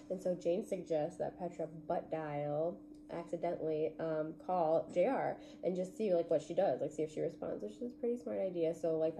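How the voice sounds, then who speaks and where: A woman's voice: lowish voice, mellow, a little hiss or hum. Chatty woman recapping a TV episode. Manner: chatty, gushing, heavy use of "like". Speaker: TV recap vlogger.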